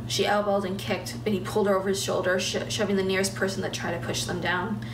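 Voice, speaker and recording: Woman reading fiction in a roomy space. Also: mid-range voice. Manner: steady reading with small restarts. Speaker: graduating writer. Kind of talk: reading her own fiction. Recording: roomy, distant mic, background noise.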